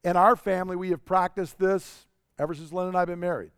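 High, smooth-voiced male preacher. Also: steady tone, fast, no echo, clean studio sound. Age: middle-aged. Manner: earnest, personal, asks the audience questions. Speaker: pastor. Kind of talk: sermon.

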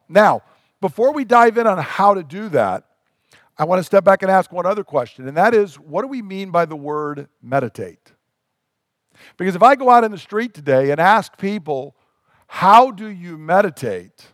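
High-voiced man preaching a sermon. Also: expressive, moderate pace, no room sound, studio quality. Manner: earnest, emphatic preaching with rhetorical questions. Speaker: pastor.

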